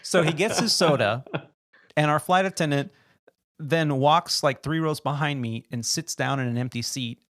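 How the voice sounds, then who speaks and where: A man, a podcast host, telling animated work stories in casual chat and acting out the people in them. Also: a little high, moderate pace, no room sound, clean studio sound. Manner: animated, acts out quoted people in his stories. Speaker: podcast host and flight attendant.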